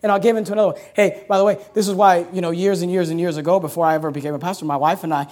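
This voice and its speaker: A man preaching a sermon as pastor, emphatic and repetitive, with chatty asides. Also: high voice. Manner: emphatic and repetitive, building to loud punches; conversational asides with laughs.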